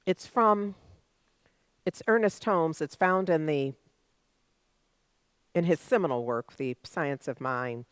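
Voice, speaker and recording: A woman's voice: low-pitched, slow, pauses often, smooth, dry recording. A woman minister giving a sermon, conversational at first and building to emphatic preaching.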